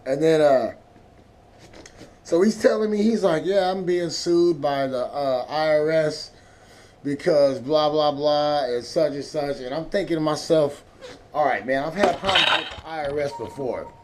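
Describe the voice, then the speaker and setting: A man's voice: on the high side, a little slow. A man hosting his own vlog, telling a rambling, profane story in a laid-back way. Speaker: vlog host.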